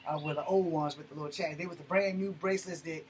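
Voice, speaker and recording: A man telling a personal story in a blunt, profane, animated way, breaking off and restarting mid-sentence. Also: on the high side, fast, slight background noise, rough recording. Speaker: martial arts channel host. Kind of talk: personal story told to camera.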